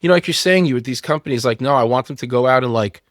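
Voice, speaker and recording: A man's voice: medium pitch, rapid-fire, dry recording, clean studio sound. A man in his thirties, a company founder, telling personal stories frankly and swearing freely in a candid podcast conversation. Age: 30s.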